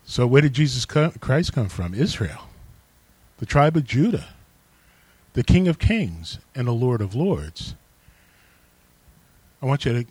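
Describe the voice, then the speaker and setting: A man's voice: mid-range voice, darkish tone, breathy edge, no room sound. A man preaching a sermon as pastor, emphatic and calling on the congregation to respond.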